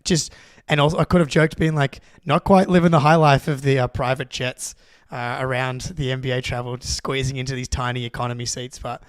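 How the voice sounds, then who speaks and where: A young Australian man, co-host of a podcast, telling a long story in an excitable, rambling way with lots of restarts. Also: mid-range voice, fairly quick, smooth, no echo. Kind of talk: casual storytelling.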